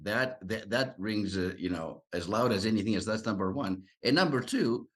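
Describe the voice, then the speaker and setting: A man hosts a podcast interview, earnest and encouraging toward his guest. His voice sits on the low side, and he often restarts his sentences as he finds the words. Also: expressive, normal speed, fairly bright tone. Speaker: podcast host. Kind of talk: interview conversation.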